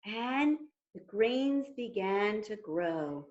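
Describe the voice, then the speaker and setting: Slow, gentle woman telling a tale to toddlers. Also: medium pitch, expressive. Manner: gentle, invites children to act along. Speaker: rabbi. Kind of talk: storytelling for toddlers. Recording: dull lo-fi recording.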